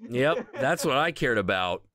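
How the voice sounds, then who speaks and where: A man's voice: medium pitch, big pitch swings, measured pace, fairly bright tone. A man hosting a casual stream, chatting about comics in a rambling, profane way and stopping to search for things as he talks. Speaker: stream host.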